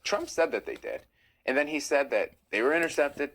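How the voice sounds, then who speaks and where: A man's voice: on the high side, expressive, brisk, fairly bright tone, poor audio. A tired man hosting a casual livestream, reading viewer questions aloud and answering them. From Iranian-American. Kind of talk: casual live chat. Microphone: phone livestream.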